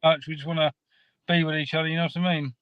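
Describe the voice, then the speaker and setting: A man tells his story in a rambling, halting way, his voice sitting a touch high for a man. He talks over a video call that sounds dull and lo-fi. The sound is dry and close. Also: little pitch movement, smooth, no room sound. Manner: halting, rambling, restarts often. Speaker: guest caller. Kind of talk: casual storytelling chat.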